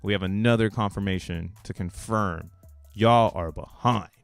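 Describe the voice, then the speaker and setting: A gravelly, fairly low male voice at normal speed comes through without echo over soft background music. He runs a crypto channel, talking casually over a chart in a slangy, rambling way, laughing between points and restarting thoughts mid-sentence.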